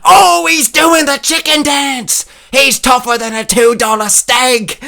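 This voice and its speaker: A man impersonating an excitable male fight commentator, yelling every line high and strained. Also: slow pace, creaky, exaggerated voice. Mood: shrieking excited.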